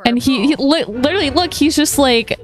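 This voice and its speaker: A woman's voice: high voice, a little fast, a crowd in the background. Chatty young woman narrating gameplay. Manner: chatty, giggly, full of fillers. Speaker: gaming video creator. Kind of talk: casual gameplay storytelling.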